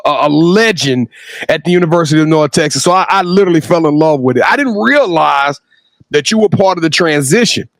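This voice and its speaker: A man hosting a sports talk show, chatting casually and excitably, shouting when worked up. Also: fairly high pitch, no room sound, studio quality. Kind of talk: casual interview chat.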